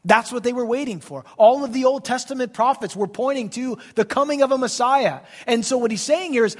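Guy preaching in church, higher voice, punchy then quiet, sermon style. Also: expressive, quick pace, hardly any pauses. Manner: emphatic preaching, rising and falling between loud and soft. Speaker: pastor.

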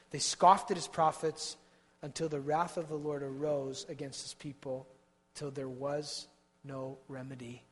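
Impassioned preacher in a reverberant hall. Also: male voice, a little high, steady tone, normal speed. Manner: impassioned, swinging from hushed to loud, repeats words. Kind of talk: sermon.

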